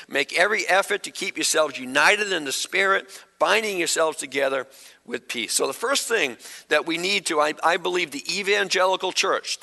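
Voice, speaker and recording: A middle-aged pastor preaching a sermon, conversational, with quick humorous asides. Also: male voice, high-pitched, vocal fry, sharp tone. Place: church sanctuary. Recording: long hall reverb.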